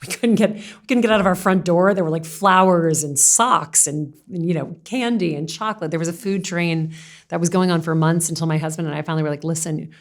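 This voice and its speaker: A woman speaks in a low register as a podcast guest. She reflects earnestly in casual conversation and often breaks into laughter. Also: a little fast.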